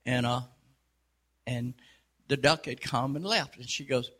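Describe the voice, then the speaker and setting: A man telling a long folksy joke in a casual, unhurried way. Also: mid-range voice, steady tone, a bit bright. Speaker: storyteller.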